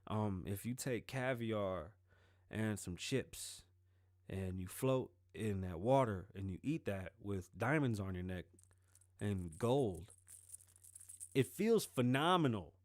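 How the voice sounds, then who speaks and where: A man's voice: on the low side, expressive, slow, a little mellow, no room sound. Man, host, solo commentary, casual, profane, rambling, dry close sound. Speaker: show host.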